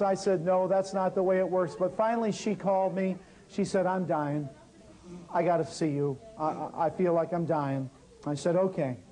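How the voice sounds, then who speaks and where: A man's voice: sits high, poor audio. A man teaching a natural healing workshop, telling a story and talking straight to his audience. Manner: lively, talks straight to the audience.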